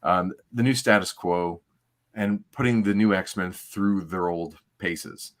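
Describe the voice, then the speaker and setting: Speaking slowly with fairly even intonation, a middle-aged man with a deep voice co-hosts a livestream. This podcast co-host keeps the casual chat rambling and relaxed, with many fillers.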